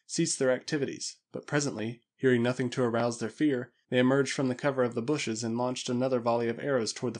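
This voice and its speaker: A man narrating an audiobook adventure in a measured, even storytelling manner. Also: mid-range voice.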